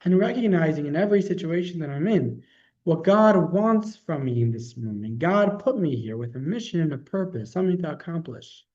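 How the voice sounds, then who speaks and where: Man, rabbi teaching a class, conversational storytelling, frequent restarts, mellow voice, dull lo-fi recording. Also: a little high, lively intonation, a little fast. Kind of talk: storytelling lesson.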